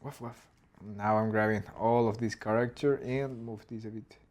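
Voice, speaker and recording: A man's voice: fairly low pitch, fairly even intonation, normal speed, darkish tone. A man, thinking aloud as he animates and mimicking a dog's barks. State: hoarse throat. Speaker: animator streaming his work. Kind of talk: casual narrated work session.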